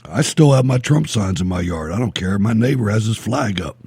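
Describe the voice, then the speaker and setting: A middle-aged man hosting a call-in talk radio show, blunt and animated, often laughing. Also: lowish voice, fairly quick, gravelly, slightly rough, dry recording.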